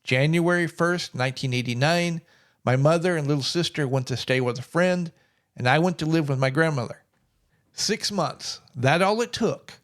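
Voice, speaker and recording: A man's voice: a little high, normal speed. A middle-aged man telling a personal story in a plainspoken, wry way. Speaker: vlogger.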